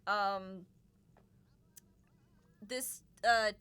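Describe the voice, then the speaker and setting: A woman hosting a livestream, chatting casually while playing a card game, talkative and quick to laugh. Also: mid-range voice, steady tone, a bit bright, clear, resonant tone. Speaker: livestream host.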